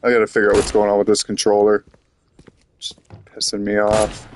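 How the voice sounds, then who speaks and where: A man's voice: fairly low pitch, completely flat delivery, fairly quick, a little hiss or hum. A man giving casual commentary while playing a video game, frustrated, rambling and swearing. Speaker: gaming YouTuber.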